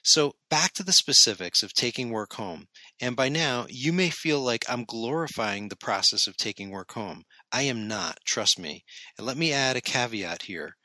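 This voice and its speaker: Man in his thirties, solo podcast host, crisp bright tone, dry recording, easygoing scripted chat with a wink. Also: mid-range voice, animated, moderate pace, no echo. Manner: friendly, conversational, lightly humorous.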